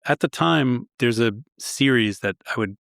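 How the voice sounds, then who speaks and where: A man's voice: medium pitch, lively intonation, unhurried, vocal fry, fairly bright tone, no echo, studio quality. A male historian from Long Island, telling stories in a self-deprecating and enthusiastic way. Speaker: historian guest. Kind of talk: conversational storytelling.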